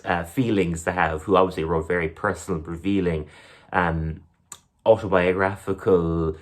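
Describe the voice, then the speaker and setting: A man's voice: low-pitched, steady tone, moderate pace. A young man, a comedian, rambling casually through his bits and acting them out in silly voices. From Ireland. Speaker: comedian and podcast host.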